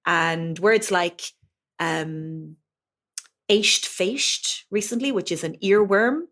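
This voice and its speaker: A woman's voice: on the low side, slow, fairly bright tone. Irish woman explaining like a teacher. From Ireland. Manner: explanatory, gives many examples in a teacherly way. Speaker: guest, Irish language teacher. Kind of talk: conversational interview.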